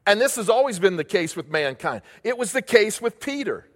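High-voiced older preacher in echoing hall. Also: male voice, very animated, fairly quick, a bit bright. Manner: emphatic, repeats key phrases, rhetorical questions. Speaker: pastor. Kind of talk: sermon. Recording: long reverb of a large hall.

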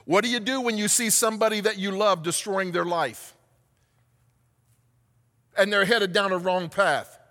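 A man preaching a sermon in a high, bright voice, his words ringing out in a long hall reverb. He speaks as a pastor, firing rhetorical questions at the congregation and building to shouts. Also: normal speed, long pauses.

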